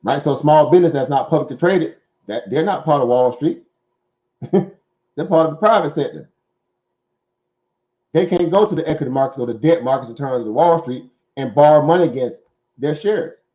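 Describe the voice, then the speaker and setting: A man's voice: on the high side, brisk, long pauses, warm tone, highs cut off. A man with a Southern accent hosting a casual stock market talk, rambling and conversational, full of fillers and tag questions. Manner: rambling, conversational, many fillers and "right?" asides. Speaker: stock market show host.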